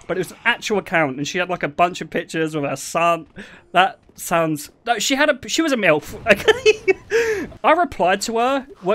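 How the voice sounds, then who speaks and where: A man in his twenties chats on stream in an animated way, swearing and laughing through his stories. His voice sits high and jumps all over the place as he talks. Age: 20s. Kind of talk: casual stream chat.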